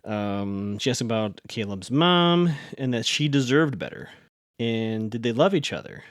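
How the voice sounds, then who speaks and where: A man's voice: mid-range voice, expressive, measured pace, no echo, studio quality. A man hosting a podcast, recapping a TV episode in a chatty, rambling way and often correcting himself. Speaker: podcast host.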